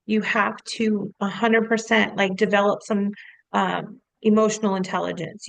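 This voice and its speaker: A woman co-hosting a casual podcast as a coach, talking in an animated, storytelling way, full of "like" fillers and easy laughs. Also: mid-range voice, gravelly, no echo, low-quality recording.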